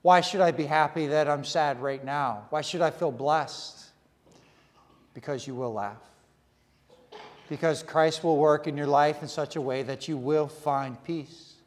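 A man preaching a sermon in earnest, short repeated phrases with pauses. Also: fairly high pitch, big-room sound. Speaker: pastor.

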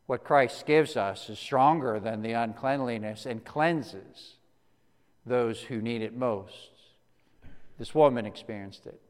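A man giving a conversational sermon as a pastor, often restarting words and dropping to a soft, slow hush for emphasis. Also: medium pitch, in a large hall. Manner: conversational, with frequent restarts and stammered repeats.

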